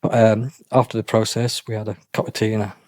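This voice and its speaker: Halting man, dry close sound. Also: lowish voice, level tone, darkish tone, dry recording. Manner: halting, repeats himself, many restarts. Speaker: interview guest. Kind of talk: emotional personal account.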